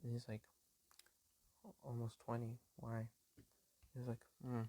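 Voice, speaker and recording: A man's voice: mid-range voice, monotone, takes it slowly, dark tone, no room sound, rough recording. A man casually retelling a fan story on his phone, rambling with lots of ums and likes and mumbling some of the quoted lines.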